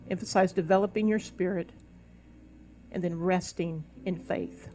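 A woman's voice: lowish voice, steady tone, normal speed, warm tone, soft background music. A middle-aged woman minister preaching a sermon at a church service, sometimes speaking in tongues and rising into emphatic calls.

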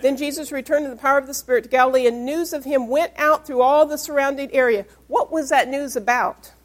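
A woman with a high voice preaches in an emphatic style. She reads scripture verse by verse and stops to ask the congregation questions. Her talk has the firm cadence of a pastor teaching her church. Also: steady tone, brisk. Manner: emphatic, call-and-response questions. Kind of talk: sermon.

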